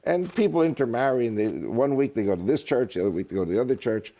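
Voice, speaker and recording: A man's voice: mid-range voice, fast talker. A man talking as a guest in a casual interview, telling jokes and stories. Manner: animated, joking storyteller. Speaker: guest speaker.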